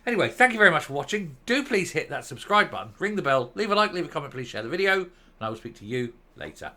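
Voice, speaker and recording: A man delivers opinionated video commentary to camera, reading out news quotes and mocking them with sarcasm and scorn. His fairly high voice is very animated, fast, bright and forceful.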